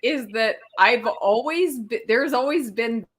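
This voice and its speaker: A woman's voice: a little high, takes it slowly. A woman co-hosting a casual chat, speaking earnestly with fillers like "like" and "right". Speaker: co-host.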